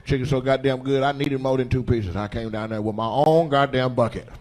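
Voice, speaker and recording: Doing crowd work in a comedy club, a man with a medium-pitched voice talks a little fast. He's loud and lively, alternating shouts with mutters, and the sound comes from a live stage mic.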